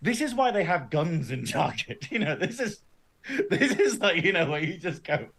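A man co-hosting a casual podcast, his voice a little on the high side. He tells animated stories, acts out what people said, and keeps breaking into laughter. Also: normal speed, creaky, slightly rough. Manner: animated storyteller, laughs a lot, acts out quotes. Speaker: podcast co-host.

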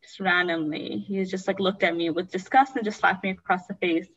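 A young woman shares a painful story from her own life in a podcast-style chat. She speaks in an earnest, halting way and leans on "like" as a filler. The recording sounds slightly dull and lo-fi. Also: fairly low pitch, fairly even intonation, fairly bright tone, slightly rough. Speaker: guest sharing her story. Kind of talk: personal storytelling in conversation.

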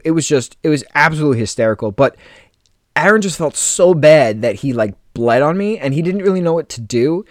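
A young American podcast host with a slightly high, expressive voice rambles through a personal story, chatty and filler-heavy, with quick jokes sprinkled in. The audio is studio quality, with no room sound.

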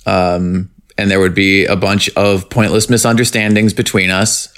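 A man co-hosting a casual podcast, recapping a TV show in a joking, animated way. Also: deep voice, normal speed. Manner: animated, joking, acts out lines in put-on voices. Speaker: podcast co-host.

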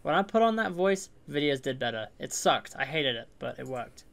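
A young man with a middle-pitched voice talks in a relaxed podcast chat. He makes wry, dry complaints and swears casually. The delivery stays easygoing. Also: moderate pace, vocal fry. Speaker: podcast co-host.

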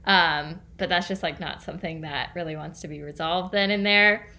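A woman co-hosting a casual conversation, speaking thoughtfully and hesitantly with frequent pauses to think. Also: lowish voice, pushed and bright.

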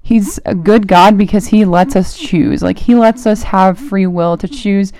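A young woman in college hosting a casual faith talk, chatty and animated, with lots of "like" fillers. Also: mid-range voice. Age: young adult, college student. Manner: chatty and animated, full of "like" fillers, quick laughs. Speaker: podcast host.

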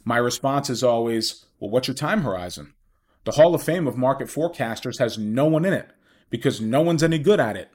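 A man's voice: mid-range voice, a little fast, darkish tone. A man who hosts a podcast as a financial planner, explaining things in a solo monologue and putting rhetorical questions straight to his listeners.

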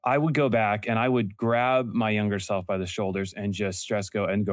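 A young adult male guest speaks in a lowish, level voice, recorded dry on a close mic. In a casual interview with a podcast host, this entrepreneur tells stories earnestly, often restarting sentences and quickly correcting himself.

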